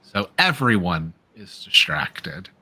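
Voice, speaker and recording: A man's voice: deep voice, slow pace, slightly rough, no room sound. A man narrating and running a tabletop game as game master, calling rolls and laughing with players. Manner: animated, laughing narration with rules calls.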